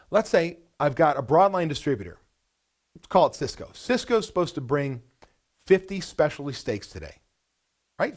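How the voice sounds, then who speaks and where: A man presenting a business webinar to restaurant owners, blunt and animated, firing off rhetorical questions. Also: on the high side, creaky.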